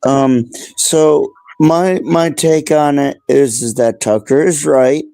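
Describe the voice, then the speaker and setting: A man's voice: on the high side, slow pace, vocal fry, dark tone, no room sound. A man chiming in on a stream, hesitant at first, then blunt. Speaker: stream guest.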